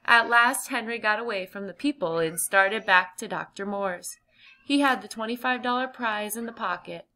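A woman reading a children's chapter book aloud with clear, gentle emphasis. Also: mid-range voice, moderate pace. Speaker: audiobook reader. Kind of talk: children's storybook narration.

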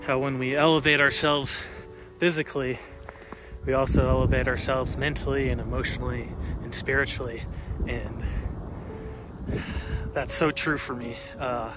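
A young man vlogging from a mountain summit outdoors, halting and open, with many fillers and restarts, choked up and near tears. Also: mid-range voice, little pitch movement. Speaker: hiker vlogger. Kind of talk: emotional summit vlog. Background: loud background music.

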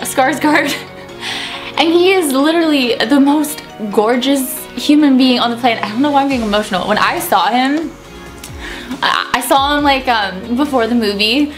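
A young woman in her twenties talking to camera in a gushing, giggly, breathless way, tired after a night out. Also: high voice. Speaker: vlogger. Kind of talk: casual chat to camera. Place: indoors at night after an event.

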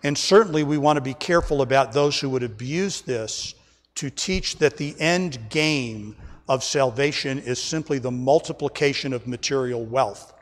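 A man's voice: medium pitch, moderate pace, long reverb tail. A man preaching an emphatic sermon as pastor, often calling the congregation folks, recorded during a church service. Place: church sanctuary.

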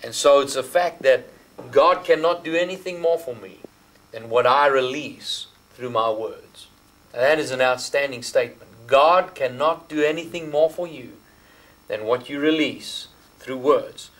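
An Australian man preaches a sermon in an ordinary mid-range voice. He leans hard on key phrases, slowing right down to stress them. He speaks as a teacher, walking listeners through the verses they should underline. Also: mid-range voice, fairly bright tone, low-quality recording. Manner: emphatic, slows down to stress key words; talks the listener through marking up the Bible. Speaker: pastor.

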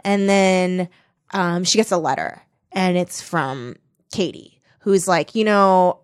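A woman co-hosting a comedy book podcast, rambling through a story and acting out characters in a casual, animated way. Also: on the low side, slow pace, clean tone, dry recording, studio quality. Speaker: podcast co-host.

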